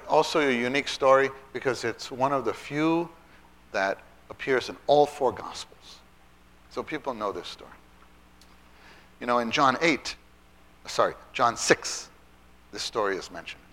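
A man with a fairly low voice delivers a lively Bible lesson to church children's workers, hammering home key phrases by stressing and repeating them.

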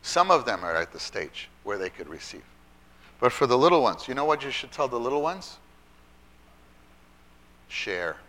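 A man giving an animated Bible teaching talk to church children's workers, stressing and repeating key phrases. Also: mid-range voice, moderate pace, pauses often.

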